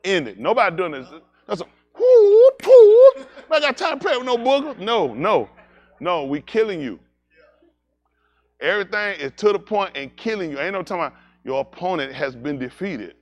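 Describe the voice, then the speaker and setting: A man preaching, telling animated, jokey stories and slipping into high-pitched voices for characters. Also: a little fast. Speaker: pastor. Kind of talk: comedic storytelling sermon.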